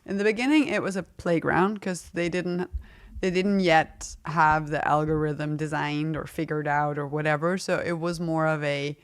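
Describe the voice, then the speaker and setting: A woman's voice: deep voice, steady tone, normal speed, clear, resonant tone. A middle-aged woman speaking frankly and casually as an interview guest, laughing often as she talks. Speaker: fashion brand founder, guest.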